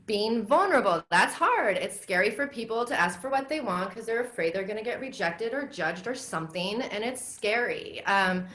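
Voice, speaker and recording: A woman guest on a podcast, a dominatrix and educator, talking in a relaxed, reflective way with many fillers and easy laughs. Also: medium pitch, moderate pace, hardly any pauses. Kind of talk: casual podcast conversation.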